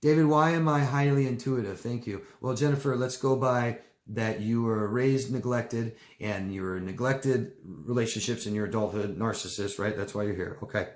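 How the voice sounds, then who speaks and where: A man's voice: moderate pace, hardly any pauses. Man coaching in an echoey room. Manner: rambling, repeats phrases, acts out quotes in mocking high voices. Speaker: coach answering viewer questions. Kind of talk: casual livestream Q&A talk.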